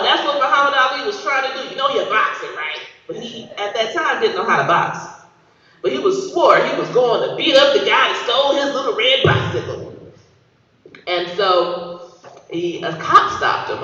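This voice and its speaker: A woman's voice: mid-range voice, pushed and bright, a little hiss or hum. A woman in her thirties from Michigan, a guest speaker giving a graduation speech, telling a story and calling out to the audience. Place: large hall. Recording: echoey hall from far, dull.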